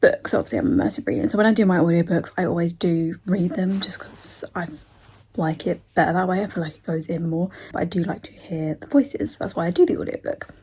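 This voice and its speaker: A young woman chatting casually in a reading vlog, giggly, with soft whispered asides. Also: lowish voice, a little fast, a little hiss or hum. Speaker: book vlogger.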